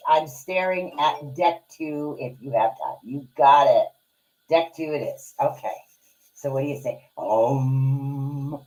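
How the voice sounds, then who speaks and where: Chatty woman host on a live stream, mellow dark-ish voice, gets excited and rambles. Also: very deep voice, low-quality recording. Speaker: podcast host and card reader. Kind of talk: casual live-stream chat.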